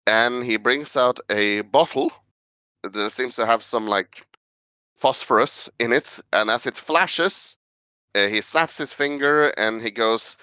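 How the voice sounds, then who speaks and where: A man's voice: mid-range voice, slow pace, sharp tone, smooth, no room sound. A man running a tabletop role-playing game as game master, narrating the scene in a chatty way with lots of fillers.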